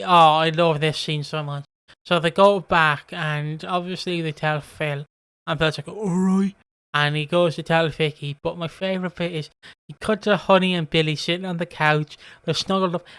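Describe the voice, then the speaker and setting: This Irish man co-hosts a podcast, casually recapping soap episodes and acting out the characters' lines. His voice sits on the high side, with a fairly bright, clear and resonant tone, and the recording is dry.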